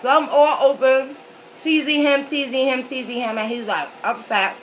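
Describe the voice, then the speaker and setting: A young woman with a bright, somewhat high voice tells a long story while she eats, animated and full of swearing. She keeps slipping into the voices of the people in the tale. A faint hiss of noise sits under the recording. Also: normal speed, low-quality recording. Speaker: mukbang vlogger. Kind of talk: casual storytelling while eating.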